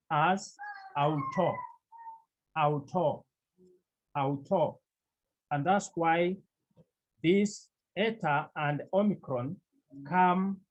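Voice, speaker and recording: A teacher gives a classroom lesson at a very slow, deliberate pace. The voice is husky, and each word is repeated several times so it sinks in. The recording sounds dull and lo-fi. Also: mid-range voice. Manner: patient step-by-step explaining. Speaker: Greek language teacher.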